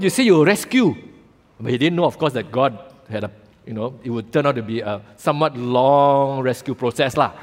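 A man preaching a sermon, telling the story animatedly with casual fillers and acting out voices. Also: medium pitch. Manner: casual local fillers like "lah" and "ah". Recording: reverberant hall.

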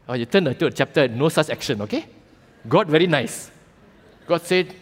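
A man's voice: on the high side, expressive, normal speed, pauses often. A man preaching a sermon, telling the story animatedly with casual fillers and acting out voices. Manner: casual local fillers like "lah" and "ah". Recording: reverberant hall.

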